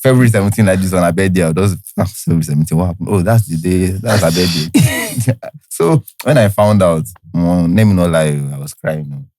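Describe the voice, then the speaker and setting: Young Nigerian man, low-voiced storyteller. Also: a little fast, no echo, studio quality. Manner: animated, laughing storyteller. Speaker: podcast guest. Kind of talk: casual storytelling chat.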